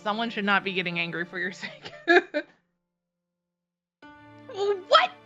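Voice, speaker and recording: A woman voicing a proud, sharp-tongued teenage girl mage, reading a visual novel aloud in a scolding, exasperated way. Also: mid-range voice, sing-song, slow, lo-fi sound, faint music behind, voice pushed down, full character voice.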